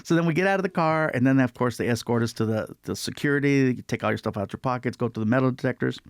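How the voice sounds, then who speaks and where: Male comedian guest, lively storyteller with voices, medium pitch, dry close mic. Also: quick pace, clear, resonant tone, no room sound. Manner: animated, acts out quotes in put-on voices. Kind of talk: storytelling chat.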